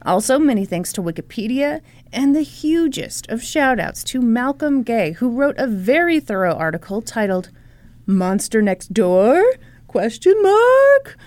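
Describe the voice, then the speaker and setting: A woman's voice: a little high, expressive, moderate pace, darkish tone, no echo. A woman co-hosting a podcast, chatting in a giggly, playful and sarcastic way. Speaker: podcast co-host. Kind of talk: casual chat.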